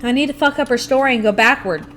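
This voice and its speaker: A young woman streaming a video game live, talking to herself and her chat in an animated, playfully grumbling way. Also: sits high, fast, a little hiss or hum. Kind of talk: live gameplay commentary.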